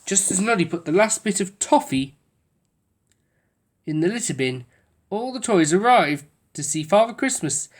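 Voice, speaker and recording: Expressive woman reading a children's story. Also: medium pitch, normal speed, pauses often. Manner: expressive, lilting. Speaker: storybook reader. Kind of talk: children's story read-aloud.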